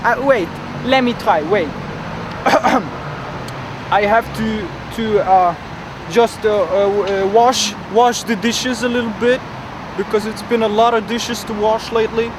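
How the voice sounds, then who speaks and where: A man's voice: high-pitched, steady tone, unhurried. A man playing a grandiose, dreamy young man with big ambitions, who rambles boastfully and fills his talk with hesitations in a comedic street interview. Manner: rambling, boastful, full of fillers. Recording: outdoor traffic noise.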